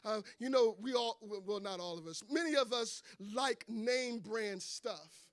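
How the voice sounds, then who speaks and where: High-voiced man preaching a sermon. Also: normal speed, a bit bright. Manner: conversational storytelling that builds to emphatic preaching.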